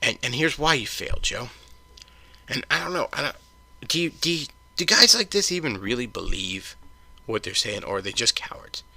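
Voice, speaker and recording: A man's voice: mid-range voice, big pitch swings, normal speed, gravelly, bright, forceful tone, no echo. A man hosting his own podcast, delivering a heated, profane solo rant full of stumbling restarts. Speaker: podcast host.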